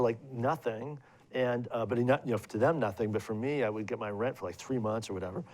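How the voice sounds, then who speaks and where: A middle-aged man telling digressive career stories as a guest at a live student event, with many fillers and restarts. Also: medium pitch. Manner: rambling, digressive anecdotal storytelling with many restarts. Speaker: guest filmmaker. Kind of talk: on-stage career conversation.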